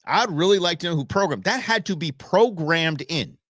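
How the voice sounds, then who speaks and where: Lively-pitched chatty male show host. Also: normal speed, no room sound, studio quality. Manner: rambling, chatty, many restarts. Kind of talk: live political commentary.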